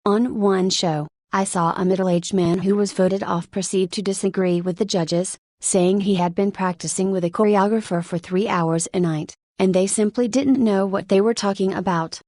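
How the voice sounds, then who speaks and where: A woman narrating a nonfiction audiobook in an even, measured reading. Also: medium pitch, no room sound.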